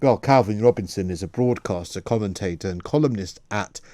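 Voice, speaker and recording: A man hosting a radio talk show, asking quick rhetorical questions and stumbling now and then as he pushes a point. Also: lowish voice, warm tone. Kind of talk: opinion radio discussion. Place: radio studio.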